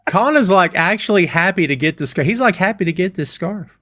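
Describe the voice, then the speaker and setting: A man's voice: high voice, animated, fairly quick, fairly bright tone, no room sound. A man co-hosting a casual review podcast, enthusiastically recapping scenes with a laugh here and there. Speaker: podcast co-host.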